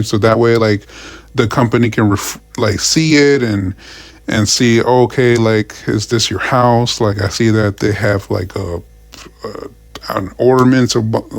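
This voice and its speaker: A man's voice: mid-range voice, no echo. A young man ranting casually about his week, profane and frustrated, rambling with many restarts. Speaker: vlogger. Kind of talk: casual rant.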